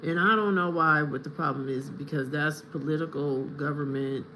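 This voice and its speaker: An American livestreamer rambles through an unscripted monologue to viewers in chat and keeps drifting off on tangents. The voice sits at an ordinary middle pitch, and faint ambient noise runs underneath. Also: steady tone, normal speed, pushed and bright, low-quality recording. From United States. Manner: rambling, grows heated and confrontational.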